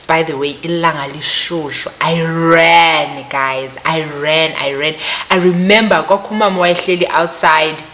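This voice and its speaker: A woman's voice: deep voice, a little slow, a little hiss or hum. A young woman with a South African accent telling a personal story to her viewers, emphatic and repetitive as she talks straight to them. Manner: animated, emphatic, repeats phrases, addresses viewers directly. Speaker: vlogger.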